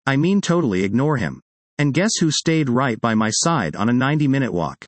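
A man reads his personal essay aloud in a wry, conversational way. His mid-pitched voice rises and falls a lot. The recording is dry and close. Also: very animated, a little fast, no echo. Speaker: author reading his essay.

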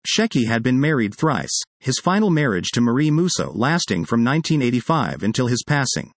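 A comedian reading his own tribute essay as scripted first-person narration, an anecdotal storyteller who drops punchlines deadpan. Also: medium pitch, brisk, few pauses, no room sound.

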